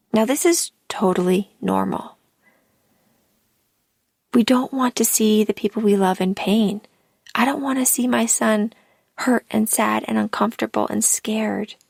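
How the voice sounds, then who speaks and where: A woman life coach hosting her podcast, speaking in a calm, deliberate scripted monologue, and her line ends often trail off into breath. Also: mid-range voice, vocal fry, no room sound, studio quality.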